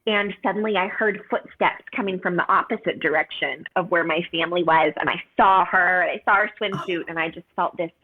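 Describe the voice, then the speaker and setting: A woman's voice: fairly low pitch, brisk, hardly any pauses. Woman in her 30s telling a story, earnest and heartfelt, lots of "like", sounds like a phone call. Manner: earnest, heartfelt, many "like" fillers. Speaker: podcast guest. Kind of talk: personal storytelling. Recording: tinny phone-like line.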